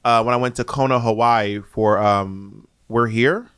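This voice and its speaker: A man's voice: medium pitch, unhurried, smooth, dry recording, clean studio sound. A man co-hosting a podcast in casual, teasing chat, often laughing. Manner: animated, laughing, playful teasing. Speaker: podcast co-host.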